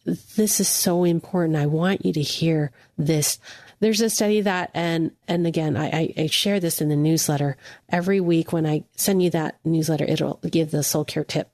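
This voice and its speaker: A woman's voice: sits low, moderate pace, a little mellow, no room sound, clean studio sound. A woman hosting a devotional podcast, speaking earnestly and encouragingly straight to the listener. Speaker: podcast host.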